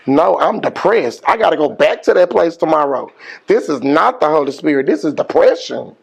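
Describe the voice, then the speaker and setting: A middle-aged man, a school principal giving an energetic motivational speech with call-and-response and slangy phrasing. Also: a little high, a little fast, vocal fry, slightly rough. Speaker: high school principal, guest speaker.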